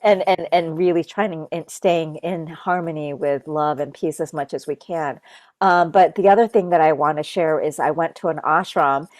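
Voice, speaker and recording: A woman's voice: sits low, fairly even intonation, moderate pace, a little mellow, no echo. A woman from Japan, a guest in a casual spiritual conversation, talking earnestly and loosely with many fillers. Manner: earnest, loose, full of "like" and "you know". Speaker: interview guest.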